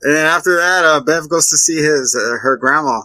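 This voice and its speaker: A man hosting a casual movie review chat, retelling scenes in an animated way and acting out the characters. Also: a little high, normal speed, no room sound, faint music behind. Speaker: movie review show host.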